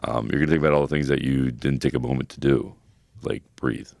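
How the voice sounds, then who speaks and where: A man's voice: very deep voice, steady tone, quick pace, gravelly, darkish tone, no room sound, studio quality. A man co-hosting a casual podcast, talking animatedly and swearing freely, with lots of "you know" fillers. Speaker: co-host.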